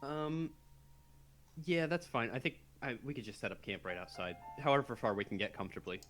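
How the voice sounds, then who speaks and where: A man playing a tabletop game, hesitant and full of fillers, with bursts of lively speech. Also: mid-range voice, brisk, faint music behind. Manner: hesitant, animated when in character. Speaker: player.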